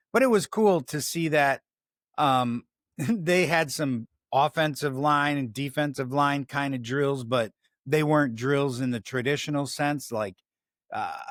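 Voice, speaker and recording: A man's voice: mid-range voice, fairly bright tone, dry recording, studio quality. A man with a Chicago accent hosting a casual sports talk show, rambling, swearing and breaking off his own sentences. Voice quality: profane, rambling, self-interrupting. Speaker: sports podcast host.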